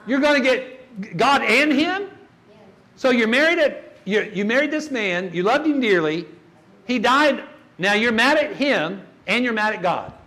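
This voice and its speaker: A man's voice: high-pitched, animated, normal speed, sharp tone. An older man giving a church workshop talk on grief, folksy and storytelling, asking the audience questions.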